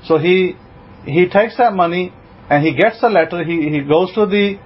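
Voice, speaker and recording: Animated storytelling rabbi, high-set voice. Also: male voice, normal speed. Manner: animated retelling with voiced quotes, laughs now and then. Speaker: rabbi teaching a congregation. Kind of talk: storytelling sermon. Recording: dull lo-fi sound with faint noise.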